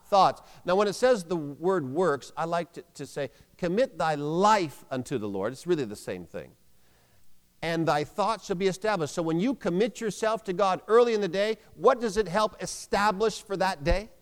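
A man's voice: high-pitched, lively intonation, normal speed, in a large hall. A man preaching a sermon, emphatic, having the congregation repeat phrases aloud.

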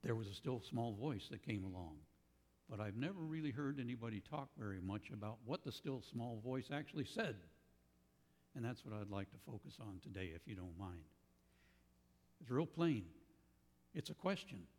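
A man preaching a sermon in a slow, thoughtful way, pausing often and restarting his phrases. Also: medium pitch, lively intonation, a little mellow, big-room sound.

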